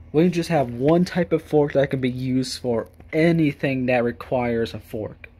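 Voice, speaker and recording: A man's voice: medium pitch, dark tone. A young man reading out etiquette rules and mocking them with profane, rambling commentary. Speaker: video host.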